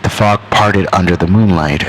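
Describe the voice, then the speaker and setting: A man with a very deep, bright voice telling a scripted horror tale. His delivery is measured and ominous, and he slows down on the key phrases. A faint hiss runs under the recording. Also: low-quality recording. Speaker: horror story narrator.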